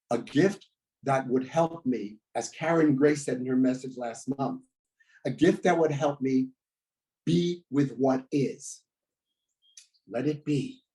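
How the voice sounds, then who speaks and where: Man, sermon, reflective, measured pauses, warm dark tone, mid pitch. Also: low-quality recording. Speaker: guest speaker at a spiritual center. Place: church sanctuary.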